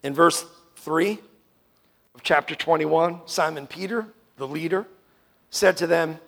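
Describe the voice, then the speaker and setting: A man from New York preaching a sermon as pastor, emphatic, swinging from loud declarations to hushed tones and asking the room "Amen?" often. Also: a little high, measured pace, gravelly.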